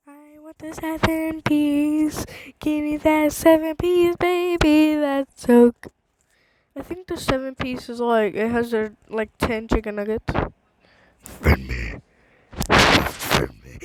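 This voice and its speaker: A woman with a high voice chats over her gameplay in a slow, unhurried way, breaking into giggles often. She sounds excitable and playful, with faint noise in the background. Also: low-quality recording. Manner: giggly, excitable, laughs a lot. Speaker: gaming streamer. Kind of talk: casual gameplay chatter. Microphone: handheld microphone.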